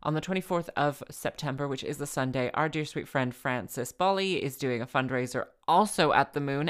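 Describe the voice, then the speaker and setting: A woman with a low, fairly bright voice speaks at a moderate pace with few pauses as she hosts a casual solo podcast. Tired and rambling, she keeps restarting phrases and adding self-deprecating asides.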